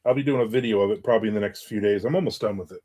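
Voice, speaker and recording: A man's voice: lowish voice, racing, darkish tone. Chatty man telling a rambling anecdote. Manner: rambling, anecdotal, reads viewer comments aloud. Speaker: author hosting his own stream. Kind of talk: casual chat and storytelling.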